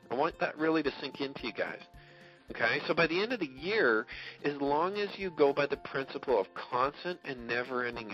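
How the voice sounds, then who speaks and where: A man coaching his network marketing team on a motivational call, emphatic, often checking in with "okay?" and laughing between points. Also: mid-range voice. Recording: dull lo-fi recording with faint music.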